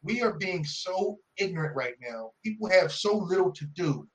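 Profane, animated male podcast co-host. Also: high voice, normal speed, poor audio. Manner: animated, profane, acts out the people in his story. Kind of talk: casual chat, storytelling rant.

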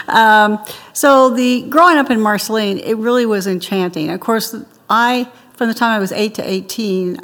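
Older woman telling stories in a hall. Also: mid-range voice. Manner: chatty, laughs often, warm storytelling. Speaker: interviewee. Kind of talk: interview storytelling.

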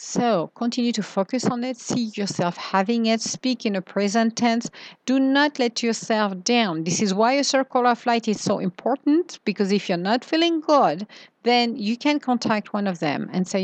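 A woman giving a motivational spiritual talk as a coach, speaking in a slow, soothing way with drawn-out phrases. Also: fairly high pitch, animated, dry recording.

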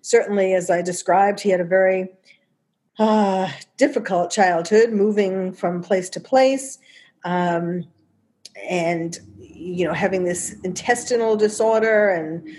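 A woman's voice: mid-range voice, measured pace, a little mellow. A woman with a New York accent giving casual spoken commentary, chatty, with many fillers and restarts.

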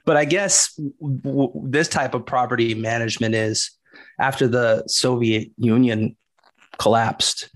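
A man's voice: medium pitch, fairly even intonation, unhurried. A middle-aged man co-hosting a casual history podcast, jokey and laid-back, often tagging his points with "right?" and "bro". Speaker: podcast co-host.

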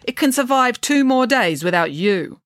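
A woman's voice: on the high side, lively intonation, normal speed, no echo, clean studio sound, pitched above the performer's own voice, lightly acted. A woman reading a storybook aloud, voicing a stern head nurse who snaps firm orders. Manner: snapping, firm.

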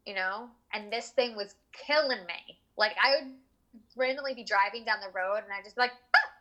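A woman's voice: mid-range voice, normal speed, sharp tone, low-quality recording. A woman in her thirties, an interview guest, telling a personal story in a candid, chatty way with lots of fillers.

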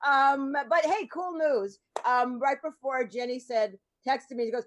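A woman's voice: high voice, measured pace, hardly any pauses. A woman hosting and producing a podcast, introducing guests in a chatty, rambling way with lots of ums. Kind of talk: casual chat show introductions.

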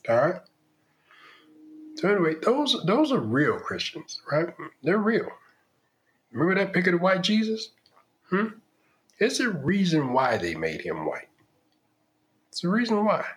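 A man hosts a podcast monologue, laying out his opinions in an emphatic, preachy way. His voice sits a little high and moves around a great deal. He keeps pressing his points with repeats and rhetorical questions. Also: a bit bright. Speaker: podcast host.

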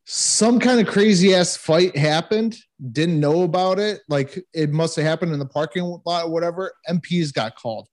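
Animated profane American man telling stories. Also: fairly high pitch, normal speed, few pauses. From United States. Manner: profane, animated storytelling with laughs. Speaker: podcast co-host. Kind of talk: casual storytelling chat.

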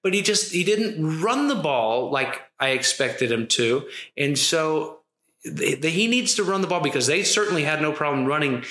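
A man's voice: a little high, lively intonation, normal speed, pushed and bright. A middle-aged man, chatting casually as a sports broadcaster, rambling and restarting his sentences. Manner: rambling, self-interrupting. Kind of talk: casual podcast chat. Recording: echoey room.

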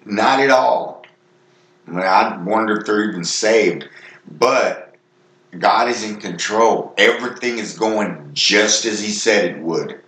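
A man's voice: lowish voice, measured pace, fairly bright tone, echoey room. A man preaching an informal sermon in a folksy, earnest, conversational way.

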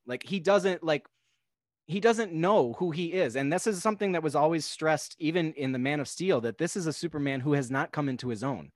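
Guy rambling about a movie on a podcast, kinda high voice, acts out lines as he goes. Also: lively intonation, brisk, no room sound, studio quality. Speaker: podcast guest. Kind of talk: casual film discussion.

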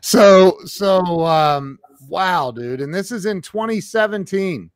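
A man hosting a podcast interview, speaking in a casual, relaxed way, dropping "dude" and "man". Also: high voice, slow, smooth, dry recording. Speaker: podcast host.

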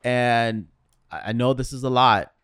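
Male podcast co-host, mid pitch, stammers and restarts, dry close sound. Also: steady tone, a bit bright, clean tone, dry recording. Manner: halting, repeats words, enthusiastic. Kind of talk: casual chat.

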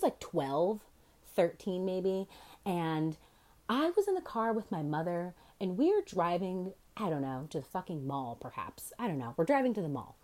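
Young woman podcast host, brash and sweary, pitch jumps all over. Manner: brash, profane, animated storytelling. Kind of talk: solo podcast rant.

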